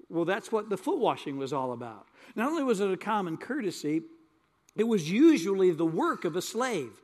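A man's voice: sits high, animated, fairly quick, big-room sound. An older male pastor preaching in a folksy way, repeating words for emphasis. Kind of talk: sermon with storytelling.

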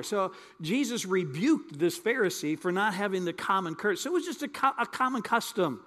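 Older man as pastor, high voice, folksy sermon, hall reverb. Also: expressive, brisk, few pauses, fairly bright tone. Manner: folksy, repeats words for emphasis. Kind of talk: sermon with storytelling.

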